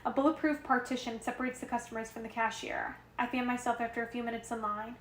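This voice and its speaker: A woman's voice: fairly high pitch, quick pace. Woman reading a novel in an echoey room. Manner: steady first-person narration, occasional self-corrections. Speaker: reader. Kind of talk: amateur audiobook reading of a novel. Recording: roomy echo with faint noise.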